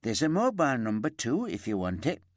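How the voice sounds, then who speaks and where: A man's voice: mid-range voice, wildly swooping pitch, brisk, dry recording, studio quality, pitched above the performer's own voice. A man voicing a chatty middle-aged woman shop worker who rambles and gossips. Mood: eager. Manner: gossipy, rambling, eager to help. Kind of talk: audiobook character voice.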